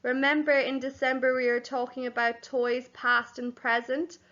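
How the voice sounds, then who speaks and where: Teacher lady, kinda high voice, talks real slow to little kids, spells everything out, muffled home recording. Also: level tone. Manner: slow and clear, spelling words out letter by letter; gently addresses children as boys and girls. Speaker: primary school teacher. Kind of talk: home learning lesson for young children.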